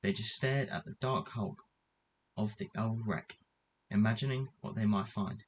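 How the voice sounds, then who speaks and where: A man reading a children's adventure book aloud in an even, measured way. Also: on the low side, a little hiss or hum. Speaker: reader.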